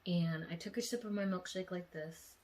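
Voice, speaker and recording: A young woman vlogger emotionally retelling a dream in a casual, animated way. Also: fairly low pitch, moderate pace, a little hiss or hum. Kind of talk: casual storytelling.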